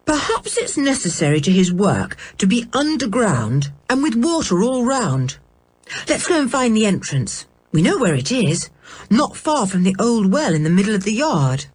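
A woman reading a storybook, voicing a brisk, matter-of-fact boy. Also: mid-range voice, sing-song, darkish tone, slightly rough, no room sound, pitched above the performer's own voice.

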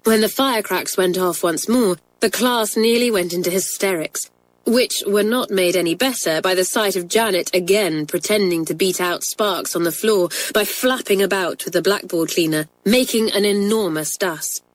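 A woman narrating a children's story in a clear, measured way. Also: mid-range voice, low-quality recording. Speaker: audiobook narrator. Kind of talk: storybook reading.

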